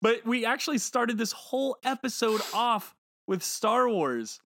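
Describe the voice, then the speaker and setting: A man co-hosting a podcast in casual chat, animated and laughing often. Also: very high voice, a little slow, a little hiss or hum. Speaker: podcast co-host.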